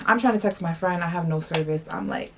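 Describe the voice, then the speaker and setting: A woman's voice: on the low side, brisk, a little hiss or hum. A young woman from New York, talking casually as she tells a story and repeats 'like' and 'blah blah'. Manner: animated, slangy retelling full of 'like' and 'blah blah'. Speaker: vlogger.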